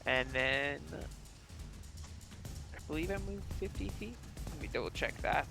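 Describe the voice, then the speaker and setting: A man's voice: fairly high pitch, a little slow, gravelly, over music. A man playing a tabletop game, easygoing and thinking aloud as he counts out his moves. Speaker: player.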